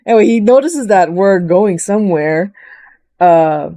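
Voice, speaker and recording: A woman chatting casually as she recaps a story, rambling with many fillers and jumping into a higher voice to quote characters. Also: animated, measured pace, mellow, no echo. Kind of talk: casual chat.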